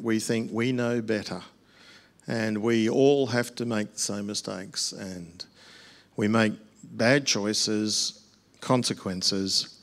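An older man, a pastor answering questions at a church Q&A in a plainspoken way with dry humorous asides. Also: on the low side.

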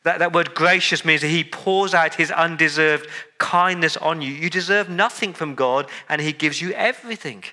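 A man's voice: fairly high pitch, moderate pace, hardly any pauses, bright, forceful tone. A man preaching a sermon with emphatic delivery, repeating words and building lists for effect. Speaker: pastor.

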